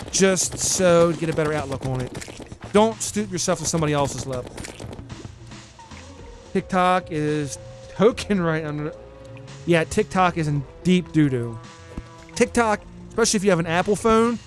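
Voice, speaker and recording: A man streaming a game live, chatting casually and answering his chat as he plays. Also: a little high. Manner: chatty, reads and answers chat, frequent restarts.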